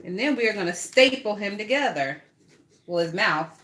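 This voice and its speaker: Bright-voiced, blunt, gossipy woman. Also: mid-range voice, lively intonation, moderate pace. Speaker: vlogger. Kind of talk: casual chat while crafting.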